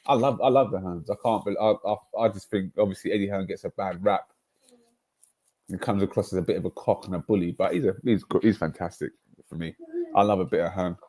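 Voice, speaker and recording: A man, hosting a casual football livestream, ranting in slang and swinging between loud outbursts and low mutters. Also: fairly quick. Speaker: football streamer.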